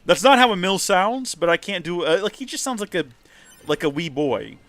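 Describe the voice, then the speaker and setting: A man's voice: high voice, big pitch swings, normal speed, fairly bright tone, no echo. A man hosting a live game stream, chatting and joking about himself as he plays. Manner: chatty, joking, self-deprecating. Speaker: host, gamer.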